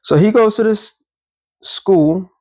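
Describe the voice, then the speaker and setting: A man's voice: high-pitched, slow, mellow, no echo, low-quality recording. A man giving casual, rambling religious commentary, emphatic and often correcting himself mid-sentence. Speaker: online commentator.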